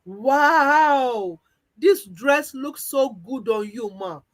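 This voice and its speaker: A woman putting on a young personal assistant, gushing and deferential, in a Nigerian accent. The voice is fairly high and close to her own. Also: animated, drawn-out words, full character voice. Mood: admiring.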